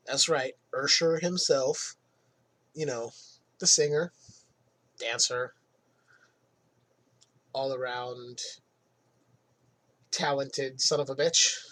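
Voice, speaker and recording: A man hosting a podcast, telling casual anecdotes from his old job in an animated way. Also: medium pitch, slow pace, pauses often. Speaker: podcast host. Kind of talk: casual storytelling monologue.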